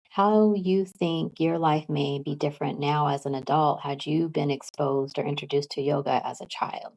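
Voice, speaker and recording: Brief: calm female podcast host, very low voice, self-described monotone. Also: gravelly, rough recording. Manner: relaxed, with frequent fillers. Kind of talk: casual interview.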